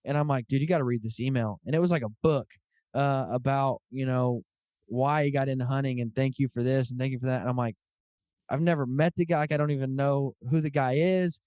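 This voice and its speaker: A man's voice: mid-range voice, steady tone, a little fast, darkish tone, smooth, no echo, clean studio sound. A man hosting a hunting podcast, telling stories in an earnest, casual way and acting out the dialogue in them. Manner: earnest storyteller who acts out quoted dialogue. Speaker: podcast host.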